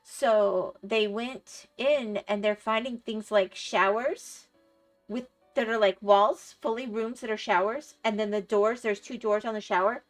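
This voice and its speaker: Faint music plays behind this middle-aged woman, whose medium-pitched voice is steady and a touch slow. Gaming on a livestream, she talks casually, wanders through anecdotes, laughs frequently and answers her chat.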